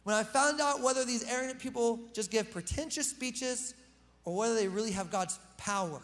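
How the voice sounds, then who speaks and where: A man preaching with a strikingly high voice, talking straight to his congregation in an impassioned, conversational way. His words ring out with a long hall reverb behind them. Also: moderate pace, fairly bright tone. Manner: impassioned, conversational preaching that acts out quoted speech. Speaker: pastor. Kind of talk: sermon.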